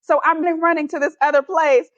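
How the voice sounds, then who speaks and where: Podcast guest: a high-pitched woman, animated and laughing as she tells her story, on a dull, dry recording. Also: a little fast, no room sound. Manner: animated, laughs often while telling. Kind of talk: personal storytelling in an interview.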